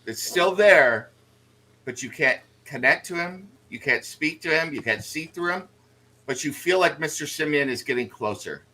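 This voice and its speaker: A man narrating as game master for a tabletop game, deliberate in delivery. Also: fairly high pitch, expressive, pushed and bright, poor audio. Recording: faint background noise.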